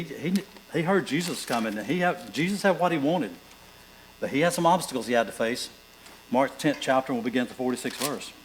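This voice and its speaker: A male pastor preaching a sermon, reading scripture aloud and building to fervent, loud passages. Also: on the high side, poor audio.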